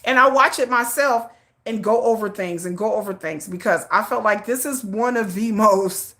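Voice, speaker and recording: A middle-aged woman hosting a casual livestream, rambling with restarts and repeats in an animated way. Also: mid-range voice, moderate pace. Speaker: livestream host.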